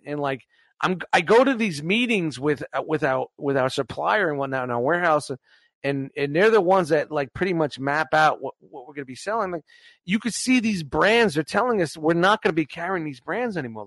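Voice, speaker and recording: Brief: man in his 40s, lively storyteller, slightly high voice, dry close sound. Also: normal speed, no echo. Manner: animated storytelling, laughs and swears often. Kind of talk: casual chat.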